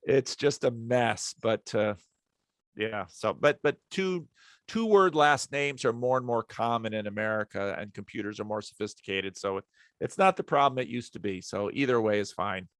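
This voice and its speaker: Easygoing middle-aged pastor, dry sound. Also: male voice, fairly low pitch, normal speed, no room sound. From northern New Jersey, outside New York City. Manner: easygoing, anecdotal storyteller. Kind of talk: casual conversation as podcast guest.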